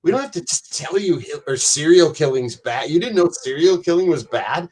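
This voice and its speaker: A man telling stories as a podcast guest, his voice sitting a bit higher than most. He rambles, swears freely and drops into other people's voices mid-tale. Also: lively intonation, fairly quick, a little mellow. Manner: rambling, profane, jumps into voices. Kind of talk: casual storytelling chat.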